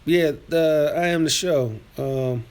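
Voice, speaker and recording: A man hosting a live stream, reading chat aloud and trash-talking viewers in a combative, rambling rant that drops to mutters and rises to yelling. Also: slow pace, clear, resonant tone. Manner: swings from low muttering to loud yelling. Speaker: livestream host reading chat.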